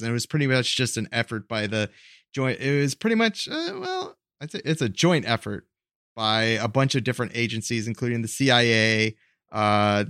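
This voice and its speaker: Male co-host, mid-pitched, hesitant explainer, dry close sound. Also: fairly bright tone, clean tone, dry recording. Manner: rambling, hesitant, self-correcting explainer. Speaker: podcast co-host. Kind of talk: casual explanatory chat.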